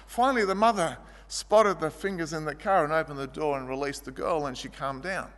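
A man preaching a sermon, his voice pitched high and bright with a tense edge. He tells stories vividly, rising to loud, animated passages and dropping to quiet ones. The sound carries a long hall reverb. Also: brisk, few pauses. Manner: storytelling, shifting from vivid and loud to quiet and low. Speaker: pastor.

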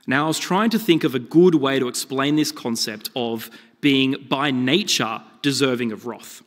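A man delivers a sermon and tells stories with animated, shifting emphasis. His voice sits in an ordinary middle register. A long reverb from the hall trails after his words. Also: medium pitch, normal speed. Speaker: preacher.

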